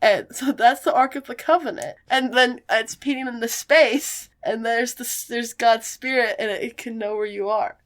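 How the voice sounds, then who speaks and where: A woman co-hosting a casual podcast, joking and cutting in with quick asides while she has a sick voice. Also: fairly high pitch. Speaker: podcast co-host.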